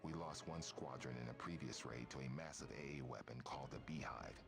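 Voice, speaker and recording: Gravelly, very deep briefing officer. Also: male voice, brisk. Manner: blunt, commanding, salty soldier talk. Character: gruff male military briefing officer. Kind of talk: game mission briefing. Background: music.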